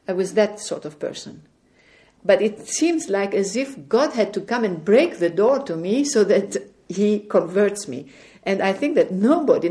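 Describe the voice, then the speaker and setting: Earnest woman speaker, soft dark tone, recounting faith experiences at home. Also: fairly low pitch. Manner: earnest, gently recounting conversations. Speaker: religious speaker. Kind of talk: spiritual testimony talk. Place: indoors at home.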